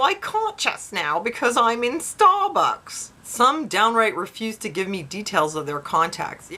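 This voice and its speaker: Low-voiced sarcastic woman vlogger. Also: sharp tone. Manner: sarcastic, skeptical asides; reads quotes in mocking voices. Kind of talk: casual commentary reading news aloud.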